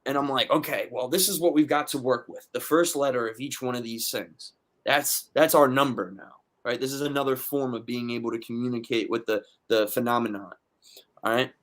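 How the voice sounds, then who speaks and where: A man's voice: mid-range voice, brisk. A man from Philadelphia, a podcast guest, telling a story in casual chat, swearing often and acting out his friends' lines. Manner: animated, profane, acts out friends' quotes.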